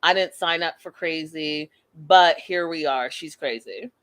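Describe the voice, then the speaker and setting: A woman imitating a calm, baffled young man who is fed up, in a flat, exasperated voice. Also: deep voice, a little slow, voice pushed down.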